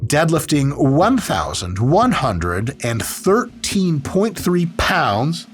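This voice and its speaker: A man's voice: on the high side, huge pitch swings, slow pace, faint music behind. A man hosting a casual comedic video commentary as an exercise scientist, sarcastic, joking and swearing freely.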